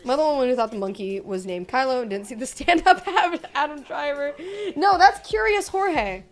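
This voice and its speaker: A young woman talks casually to her stream audience from her room at home, giggling and joking as she answers chat. Her voice sits a little high. Soft music plays faintly in the background. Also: lively intonation, fast talker. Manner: chatty, giggly, reads chat aloud and jokes.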